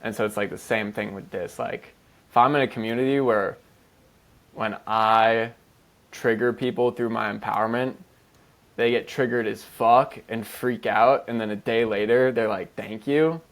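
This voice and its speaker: Gravelly low-voiced man, loose and profane. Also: fairly even intonation, moderate pace, fairly bright tone. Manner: loose, profane, heavy "like" fillers. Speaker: podcast co-host. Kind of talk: casual chat.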